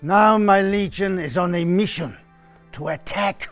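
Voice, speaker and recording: A man's voice: sits high, measured pace, faint music behind. A man doing a Roman soldier, Italian accent. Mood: storytelling. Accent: put-on Italian. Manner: theatrical, lilting storytelling. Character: weary homesick Roman foot soldier. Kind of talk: educational drama.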